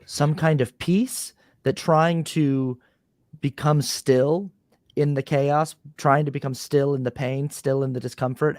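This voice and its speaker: A man's voice: medium pitch, no room sound, clean studio sound. A man hosting a podcast, asking an earnest, searching question. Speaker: podcast host.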